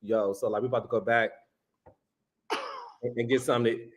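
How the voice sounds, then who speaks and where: A man putting on a deep, laid-back macho voice to flirt with men. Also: level tone, moderate pace, lightly acted. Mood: flirty, macho. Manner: low, smooth, laid-back drawl.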